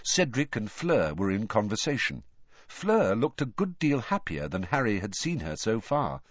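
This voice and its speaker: A man reading a story aloud with expressive, varied narration. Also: lowish voice, dry recording, muffled recording. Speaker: audiobook reader.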